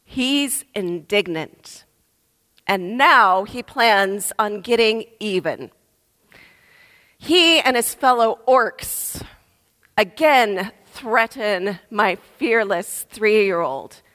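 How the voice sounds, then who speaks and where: Woman giving a sermon, slow and animated, somewhat high voice, echoing church hall. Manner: lively storytelling, acts out voices. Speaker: preacher. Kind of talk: sermon with storytelling. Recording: long reverb of a large hall.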